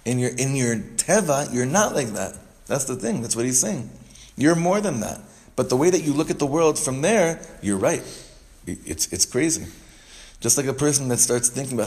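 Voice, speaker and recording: A man's voice: medium pitch, lively intonation, brisk, darkish tone. Man teaching a casual text class. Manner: explains step by step, repeats phrases, frequent restarts.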